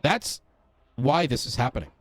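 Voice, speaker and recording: A man's voice: mid-range voice, lively intonation, normal speed. A man playing a police officer in a roleplay game, talking in character in an earnest, lecturing way, stopping often with fillers.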